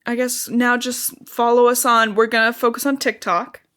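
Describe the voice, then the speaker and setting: Chatty podcast host woman, fairly high. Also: level tone, normal speed, a bit bright. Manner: chatty, peppered with "like" fillers. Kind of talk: casual book-recap chat.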